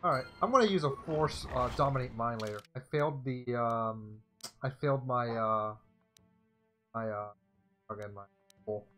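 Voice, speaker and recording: A man's voice: mid-range voice, moderate pace, pauses often, pushed and bright, soft background music. A man giving casual commentary on a live game playthrough, rambling with fillers and restarts. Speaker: gameplay streamer.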